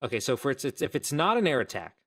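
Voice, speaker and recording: A man's voice: mid-range voice, big pitch swings, quick pace, fairly bright tone. A man streaming his game development live, thinking aloud in a rambling, self-interrupting way as he codes. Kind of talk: casual live-stream coding commentary.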